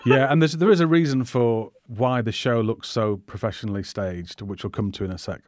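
A man's voice: medium pitch, a little fast, no room sound. A man hosts a casual film podcast, steering the conversation and trailing into hesitant asides. His voice sits in a mid range and sounds close and dry. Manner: guides the talk, hesitant asides. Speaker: podcast host.

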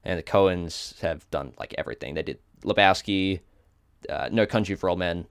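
Australian man, podcast co-host; low, clean dry read of a list, fumbles tricky names. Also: normal speed, creaky, clear, resonant tone, no echo. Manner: trips over foreign names, chuckling self-corrections. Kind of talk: casual podcast chat, reading out a list.

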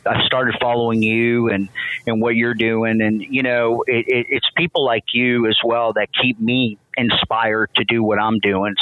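A man, a veteran and company president, telling a heartfelt story as an interview guest, halting often and restarting his sentences. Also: medium pitch, dry recording. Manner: emotional, halting, many restarts. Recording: tinny phone line, dry.

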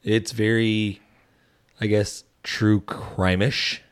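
A man's voice: lowish voice, level tone, drawn-out words, clear, resonant tone. A man hosting a podcast in casual chat, laid-back as he moves the show between segments. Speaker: podcast host.

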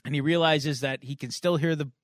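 A man with a high voice casually retells a comic book plot on a podcast. He is animated and chuckles between beats. The sound is close and dry, with no room echo. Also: brisk. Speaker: podcast co-host.

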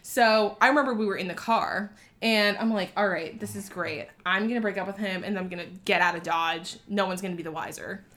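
Young woman, casual storytelling, lots of "like", laughs, bright tone. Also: mid-range voice, brisk. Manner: animated, laughing storytelling with many "like"s. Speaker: storyteller guest. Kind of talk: casual chat.

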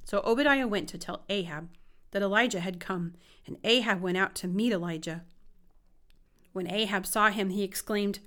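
A woman reading scripture aloud in an expressive, measured way. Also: mid-range voice. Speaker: Bible reader.

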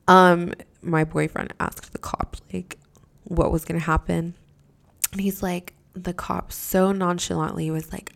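A woman's voice: fairly low pitch, measured pace, creaky. A young woman from Mexico hosting a podcast, telling a story casually, exasperated and profane, with lots of fillers and drops into a whisper. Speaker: podcast host.

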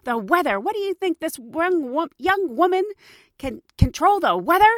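A woman's voice: very high voice, very animated, normal speed, no room sound, studio quality, pitched above the performer's own voice. A woman doing an indignant 95-year-old man. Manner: exasperated, rising to a loud rant.

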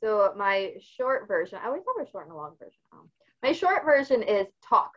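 A woman's voice: medium pitch, a little fast, lo-fi sound. A woman guest on a podcast, speaking openly and telling personal stories with animation. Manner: open, animated storytelling. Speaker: guest, author and fitness expert. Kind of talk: podcast interview.

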